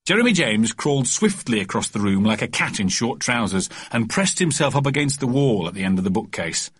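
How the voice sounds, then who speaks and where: A man narrating a children's storybook audiobook with a lively, expressive reading. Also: mid-range voice, fairly quick, breathy edge, dry recording, studio quality.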